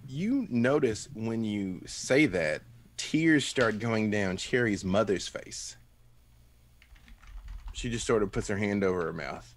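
Relaxed male game master narrating. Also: lowish voice, slow pace. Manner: loose, filler-heavy narration with sudden character voices.

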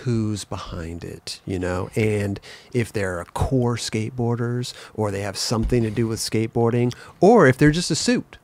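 A man's voice: on the low side, normal speed, gravelly, hardly any pauses, a little mellow. A man hosting a podcast, easygoing and slangy, hyping up his guest. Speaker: podcast host. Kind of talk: casual interview chat.

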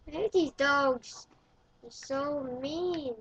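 Excitable high-voiced woman gaming. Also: a little slow. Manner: excitable, shrieks and yells when in danger; playful, swaps swearing for mild words. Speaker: gameplay commentator. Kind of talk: casual gameplay commentary. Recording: dull lo-fi recording with faint noise.

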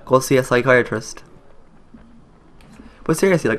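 With faint music behind him, a young Irish-accented gaming YouTuber speaks at medium pitch and normal speed in a fairly bright tone. His let's play commentary is jokey and rambling, full of retorts to on-screen characters, coarse slang, and lots of swearing.

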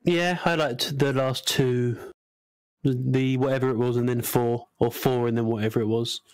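A man with a medium-pitched voice sits in on a relaxed gaming chat. He mostly chips in with short, joking replies to the host. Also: normal speed, no room sound. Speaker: gaming show guest.

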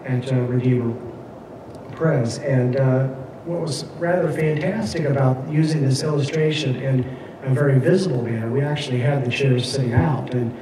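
A man's voice: medium pitch, noisy background. A man teaching a Bible class, lecturing and reading scripture aloud, with many fillers and restarts. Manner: halting, frequent fillers and restarts. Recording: echoey room, mic at a distance.

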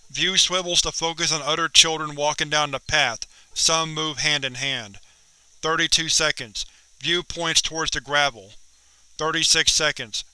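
Male narrator, scripted horror reading; clinical, measured, slightly high and very bright. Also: clear, resonant tone, no room sound.

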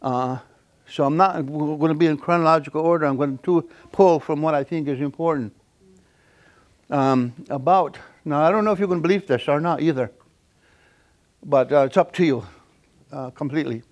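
Older man telling stories, slightly high voice. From Akwesasne Mohawk community. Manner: halting, repetitive delivery with many fillers; chuckles while telling stories. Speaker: elder giving a lecture. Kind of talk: storytelling lecture.

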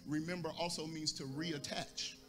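A man's voice: on the high side, fairly even intonation, normal speed. A man pastor preaching a sermon, asking the congregation for responses and rising into a sung cadence.

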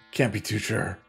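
A gaming video host with a low, creaky voice gives casual let's-play commentary. He thinks aloud while playing and reads the on-screen text with stumbles and restarts.

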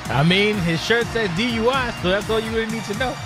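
Male color commentator with a high voice, riffing with sarcastic insults while music plays clearly behind. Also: quick pace. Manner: sarcastic, rambling, mocking insults. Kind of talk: joking wrestling game commentary.

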